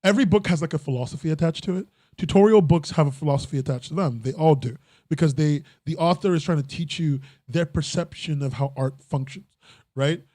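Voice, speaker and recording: A man's voice: on the high side, brisk, warm tone, no room sound, studio quality. A young man hosting a casual podcast chat, rambling and breaking off mid-sentence, often laughing at himself. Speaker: podcast host.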